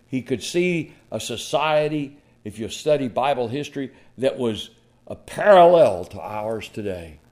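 A man preaching a sermon, reading King James scripture with dramatic swings from loud to hushed and breaking into folksy asides with chuckles. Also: medium pitch, expressive, a little slow.

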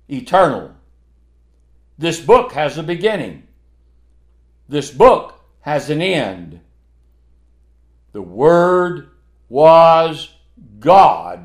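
A man preaching a sermon, slow and emphatic, with dramatic swings between loud and hushed delivery. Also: a little high.

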